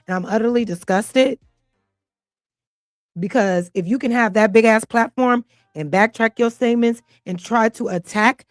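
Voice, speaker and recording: A woman host reacts to a clip in blunt, profane, heated talk. Her voice sits on the higher side. The sound is dry, with faint music underneath. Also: dry recording. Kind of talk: casual reaction commentary.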